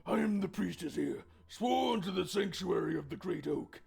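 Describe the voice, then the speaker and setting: A man's voice: high voice, expressive, moderate pace, gravelly, a little mellow, husky, full character voice. A man doing a solemn pleading priestess. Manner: formal, pleading, archaic. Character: solemn woman priestess of a sanctuary. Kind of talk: reading game dialogue aloud.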